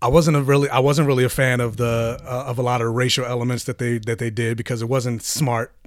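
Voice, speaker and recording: A man's voice: mid-range voice, flat delivery, quick pace, no echo. A man co-hosting a podcast, making wry jokes in casual chat. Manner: wry, joking asides. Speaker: podcast co-host.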